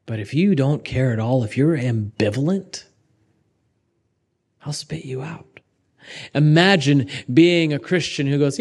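A young adult man preaching a sermon, conversational and animated, swinging between raised urgency and hushed asides. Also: medium pitch, unhurried, long pauses, husky. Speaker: pastor.

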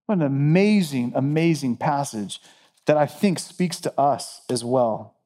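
A man's voice: mid-range voice, expressive, a little slow, warm tone. A man preaching a sermon, earnest and emphatic, repeating phrases to drive points home. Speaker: pastor.

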